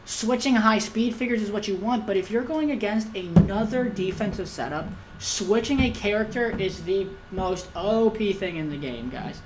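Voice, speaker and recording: A woman's voice: medium pitch, slight background noise, poor audio. A woman giving casual gameplay commentary as a YouTuber, ranting with lots of repetition and the odd swear. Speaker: gaming YouTuber.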